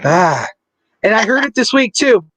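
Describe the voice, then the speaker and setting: Man, podcast co-host, playful casual chat, fairly high pitch, dry recording. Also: sing-song, moderate pace, fairly bright tone, no room sound, low-quality recording. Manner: playful, trips over names.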